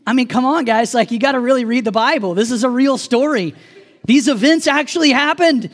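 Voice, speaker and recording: A male pastor giving a sermon in an animated, joking, conversational way. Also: very high voice, fairly quick.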